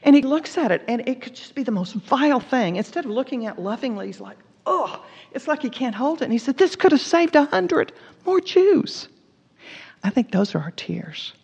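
A woman's voice: on the high side, lively intonation, fast, creaky, few pauses, a little mellow, breathy edge. A woman teaching a sermon, earnest and emphatic, repeating words for stress. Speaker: Bible teacher. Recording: dull recording with long hall reverb.

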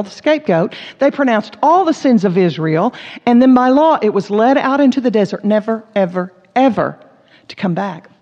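A woman's voice: a little high, a little mellow. A woman teaching a sermon, earnest and emphatic, repeating words for stress. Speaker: Bible teacher. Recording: dull recording with long hall reverb.

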